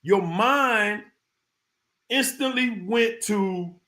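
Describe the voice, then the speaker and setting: A man's voice: high-pitched, drawn-out words, sharp tone. A man hosting a casual live stream, talking straight to his viewers in informal slang and repeating his points for emphasis. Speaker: live-stream host talking about narcissists.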